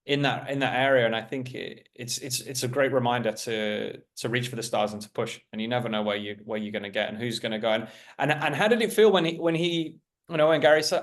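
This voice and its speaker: A man hosting an interview over a video call, talking in a halting way and repeating words as he restarts. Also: medium pitch. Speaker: interview host. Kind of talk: casual interview.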